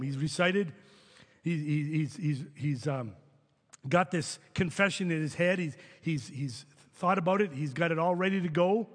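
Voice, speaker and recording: A man's voice: a little high, normal speed. A man preaching a sermon in a church, earnest and often repeating words as he goes. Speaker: pastor. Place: church sanctuary. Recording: reverberant hall sound.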